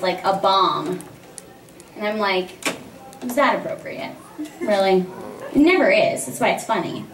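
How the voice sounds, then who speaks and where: A woman guest speaks on a convention panel, bouncing through stories and playing out every exchange. She sounds distant from the mic, with a roomy echo and faint hum. Her pitch sits at a middle level. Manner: animated storyteller who acts out quoted exchanges and laughs often. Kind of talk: casual audience Q&A. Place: large convention panel room. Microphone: filmed from the audience by a distant camera. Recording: echoey hall recorded from far off with faint hum.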